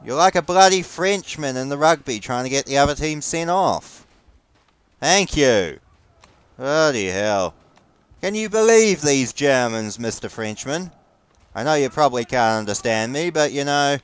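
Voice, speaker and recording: A man's voice: medium pitch, expressive, unhurried, smooth. A man with a New Zealand accent giving casual, profane commentary over a war game, grumbling wryly at his teammates. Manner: grumbling, profane, wry running banter. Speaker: gameplay commentator.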